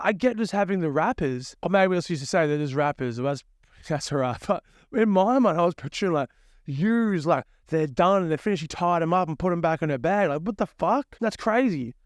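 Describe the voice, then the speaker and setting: A man's voice: high voice, lively intonation, normal speed, no room sound, studio quality. A young man hosting his own music podcast, rambling crudely and swearing as he laughs at himself in a casual monologue.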